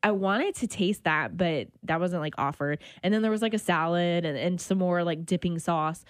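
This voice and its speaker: In a radio studio, a woman with a lowish voice hosts a local food show at a moderate pace, chatting casually about restaurants and dishes she's tried. She gets animated about the food and laughs self-consciously; the sound is studio quality with no room echo.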